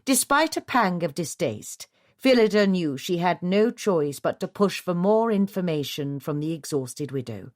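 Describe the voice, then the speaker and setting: A woman narrating a novel as an audiobook, in a steady and even reading. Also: on the low side, unhurried, dry recording, studio quality.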